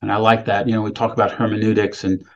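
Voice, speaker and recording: A man's voice: fairly low pitch, flat delivery, fast. Guy preaching over a muffled video link, reads verses up big then talks it through. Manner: reads scripture aloud with rising emphasis. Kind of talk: sermon. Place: California, speaking remotely.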